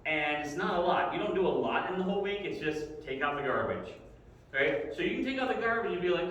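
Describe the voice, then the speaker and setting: A man's voice: a little high, big pitch swings, a little fast, fairly bright tone, a little hiss or hum. A middle-aged man teaching a casual Bible lesson in a conversational way, often asking "right?" as he talks. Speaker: Sunday school teacher. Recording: echoey hall, mic far off.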